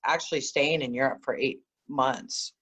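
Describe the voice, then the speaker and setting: A woman guest, an energy healer, telling stories in a conversational interview, animated and often laughing. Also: a bass voice, moderate pace, slightly rough. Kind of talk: conversational storytelling.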